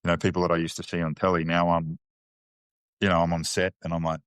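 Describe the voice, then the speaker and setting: A man's voice: low-pitched, little pitch movement, fast talker, clean tone, no echo. A man with an Australian accent, a podcast guest telling candid, slangy stories with frequent restarts. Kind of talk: casual interview chat.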